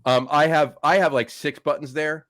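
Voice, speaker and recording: A man's voice: on the high side, fairly even intonation, moderate pace, fairly bright tone. A man hosting a casual sports podcast over a remote call, upbeat and laughing often. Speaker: podcast host. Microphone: remote call setup.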